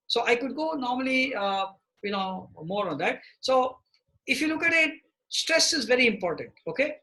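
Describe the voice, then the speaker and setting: Bright, high-voiced man teaching online. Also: low-quality recording. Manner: repeats "okay?" to check in with participants. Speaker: presentation trainer. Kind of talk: live online training session. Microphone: computer mic on a video call.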